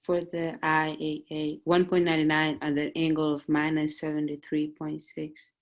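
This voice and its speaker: A woman student answering her professor over a video call. Her voice sits very low, and she speaks softly and hesitantly. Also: completely flat delivery, normal speed. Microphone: computer mic on a video call.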